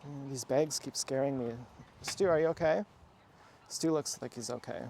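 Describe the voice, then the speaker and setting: A man's voice: mid-range voice, moderate pace, gravelly, darkish tone, a little hiss or hum. A man rambling in a casual, profane monologue from home, drifting between topics and muttering asides. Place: at home indoors.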